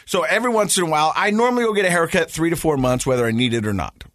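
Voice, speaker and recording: A man hosting a podcast in casual chat, playful and animated as he tells stories. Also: fairly high pitch, very fast, no echo, studio quality. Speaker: podcast host.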